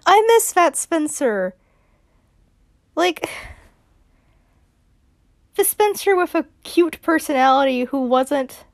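A young woman hosts her podcast in a slow, unhurried, rambling way, giggling often. Her voice sits a little high. The sound is dry, with no room echo. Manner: chatty and giggly, with many fillers and restarts. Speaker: podcast host. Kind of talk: casual podcast chat.

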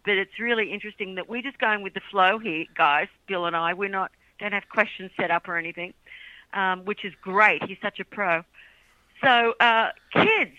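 A woman's voice: mid-range voice, dry recording, dull audio. A middle-aged woman chatting casually as a guest, telling stories animatedly and laughing often. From Australia. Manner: animated storyteller, laughs often, acts out quotes. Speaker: guest, children's songwriter. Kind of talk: casual podcast chat.

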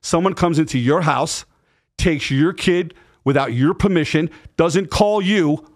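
A middle-aged man telling a personal story in a casual interview, emphatic and animated. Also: fairly high pitch, measured pace. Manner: emphatic, animated retelling with acted quotes and profanity. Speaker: podcast guest.

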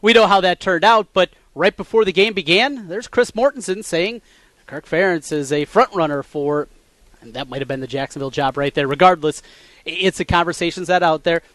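A man co-hosting a sports radio show, laying out background facts in a measured way and getting lively when he jokes. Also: high voice, no echo. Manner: measured, recalls facts in detail, gets animated when joking. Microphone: studio mic.

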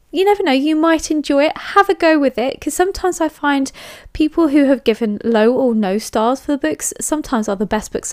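A woman's voice: fairly high pitch, no echo, studio quality. Chatty English woman reviewing books. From England. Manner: chatty, candid, emphatic with frequent fillers. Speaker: book reviewer and podcaster. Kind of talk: casual book review monologue.

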